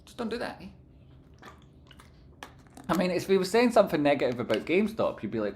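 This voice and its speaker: A man's voice: fairly high pitch, a little fast, long pauses, slight background noise. A man commentating stock charts on a live stream, rambling and swearing casually while reading out viewer messages. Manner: casual and profane, reads chat aloud; rambling, animated.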